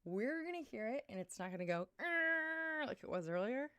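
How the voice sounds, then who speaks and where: A young woman chats on a home livestream, excitable and quick to jump between topics. Her mid-range voice sounds tired and a little worn, as if she is losing it. The sound is dry and close, with no room echo. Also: mid-range voice, smooth. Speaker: livestream host. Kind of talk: casual livestream chat.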